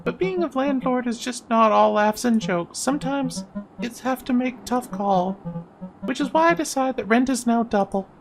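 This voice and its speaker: A woman voicing an eager, chatty six-year-old girl in a game, speaking in a bubbly, excited way. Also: a little high, moderate pace, soft background music, pitched above the performer's own voice, natural voice. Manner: excited, bubbly, broken grammar when reading. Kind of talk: voice-acting a game.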